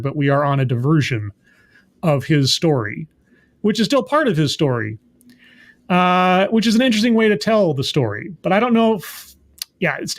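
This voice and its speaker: Higher-voiced man reviewing a show. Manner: thinking aloud, hesitant and self-questioning. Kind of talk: casual episode review.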